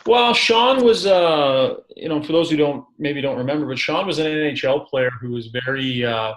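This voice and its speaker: A man who is a sports broadcaster, a podcast guest telling stories in animated, self-deprecating casual chat. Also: on the high side, moderate pace, poor audio.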